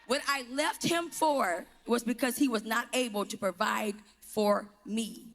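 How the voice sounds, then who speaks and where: A woman's voice: fairly high pitch, unhurried, vocal fry, a bit bright. A woman guest on a podcast, explaining herself defensively and correcting what others said. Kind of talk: podcast conversation.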